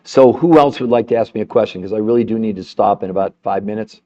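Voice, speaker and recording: A man's voice: on the low side, quick pace, warm tone, highs cut off. A man hosting a live health stream, talking with indignation, laughing in disbelief and firing rhetorical questions at his viewers. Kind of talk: heated livestream monologue.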